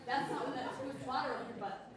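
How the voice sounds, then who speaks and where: Playful high-voiced woman vocal coach. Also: fairly even intonation, quick pace, a crowd in the background. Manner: playful, teasing and encouraging; breaks into sung demonstrations. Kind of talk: coaching a singer. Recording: echoey room, mic far off, faint noise.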